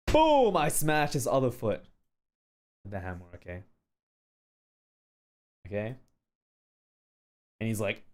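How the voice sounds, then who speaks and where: Slow-talking animated male streamer. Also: mid-range voice. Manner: animated, shouting sound effects and repeating "okay?". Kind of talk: casual storytelling on a livestream.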